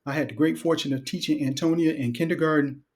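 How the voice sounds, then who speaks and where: A middle-aged man from Detroit, a guest author and educator, talking casually in an interview with a relaxed, joking, reflective manner. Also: fairly high pitch, fast talker. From Detroit, Michigan.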